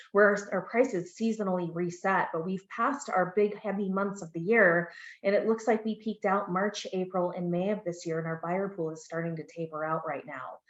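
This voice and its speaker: Lower-voiced woman, dull echoey audio. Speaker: real estate market analyst. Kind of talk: presenting market data in a webinar.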